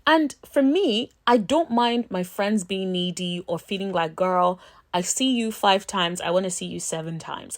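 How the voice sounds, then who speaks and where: Woman vlogger, casual reality TV recap, animated storyteller, acts out quotes. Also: mid-range voice. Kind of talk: casual commentary.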